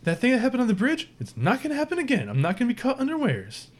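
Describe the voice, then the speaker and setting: A man's voice: very high voice, wildly swooping pitch, very fast, pitched above the performer's own voice, exaggerated voice. A man voicing a peppy female spider-like alien crew member in a tabletop game, bubbly and eager. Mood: cocky.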